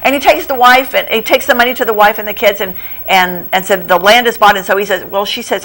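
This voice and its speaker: Brief: middle-aged woman, bookstore owner on local TV, chatty and animated storyteller, mid-range voice. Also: fast talker, low-quality recording. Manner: chatty, animated storyteller who laughs often; acts out quoted lines in a higher voice. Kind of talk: casual TV interview chat. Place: local TV studio.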